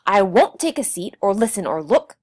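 Loud scolding tree guardian guy, storybook, swoops up and down, a lady reading him out. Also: medium pitch, sing-song, takes it slowly, dry recording, studio quality, heavily acted. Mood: angry. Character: angry green-crested male tree guardian.

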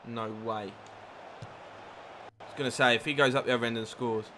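A man live-streaming a football video game, commentating his own play, reacting loudly to chances and thanking new followers. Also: medium pitch, brisk, background noise. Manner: excitable, swears at the game, reads out followers. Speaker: gaming streamer. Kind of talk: live gameplay commentary with chat.

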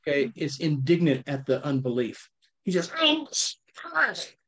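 A man leading a casual Bible study, reading verses aloud and explaining them with lively, animated asides. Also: mid-range voice, normal speed. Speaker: Bible teacher. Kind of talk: conversational Bible study teaching.

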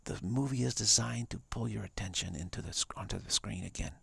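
Male spiritual teacher, live-streamed talk: a deep, heavily gravelly voice, emphatic and repetitive, slipping into whispers. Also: a little fast, fairly bright tone, no room sound.

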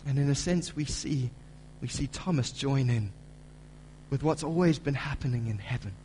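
A man preaching a sermon as pastor, building to loud, emphatic delivery when he reads scripture. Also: medium pitch, normal speed, a little hiss or hum, poor audio. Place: church auditorium.

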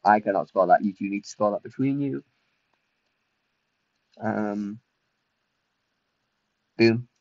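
A young man, chatting casually and excitably through a livestreamed game, self-mocking and full of fillers. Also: on the low side, dry recording, dull audio. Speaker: streamer. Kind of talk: casual livestream gameplay commentary.

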